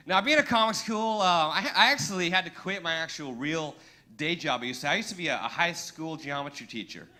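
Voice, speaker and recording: A man's voice: fairly high pitch, expressive, brisk, pushed and bright. A young man performing a crude stand-up comedy set, telling brash stories with acted-out dialogue on a comedy club stage.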